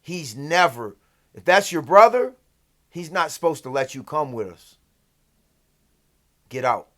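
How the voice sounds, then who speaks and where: A man's voice: a little high, expressive, unhurried, pushed and bright. A man telling a personal story in a casual, profane, rambling way, often asking "right?". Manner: rambling, loose, peppered with "like" and "right?". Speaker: storyteller vlogger.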